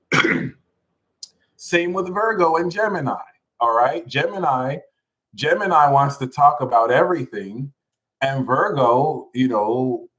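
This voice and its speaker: A man giving a live astrology talk to his audience in an animated, jokey manner with plenty of swearing. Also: a little high, poor audio. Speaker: astrology reader.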